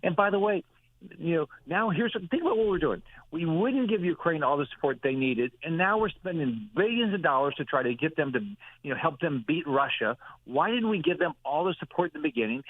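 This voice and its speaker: A man on a thin, tinny phone line, talking in a blunt, indignant, emphatic way. His voice sits a little high for a man and sounds dry and close. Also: lively intonation, brisk, dry recording. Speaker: senator, radio guest. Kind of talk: phone-in radio interview.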